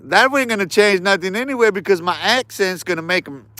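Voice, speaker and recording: A man's voice: sits high, animated, fairly quick, bright, forceful tone, no echo. A man ranting on a live stream in casual street slang, heated and repeating himself.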